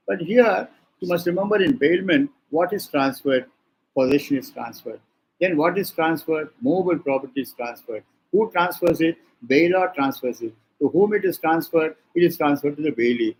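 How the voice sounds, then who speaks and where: An older man with an Indian English accent giving a law lecture. He dictates points slowly, repeats them and answers his own questions. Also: a little high, breathy edge, rough recording. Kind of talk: classroom lecture.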